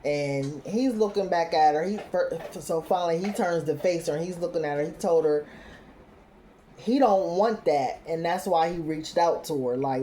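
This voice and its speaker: Low, mellow-voiced woman recapping TV. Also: normal speed, a little hiss or hum. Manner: retells scenes loosely, quoting characters, with frequent "you know what I'm saying". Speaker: TV recap host. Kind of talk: casual TV episode recap.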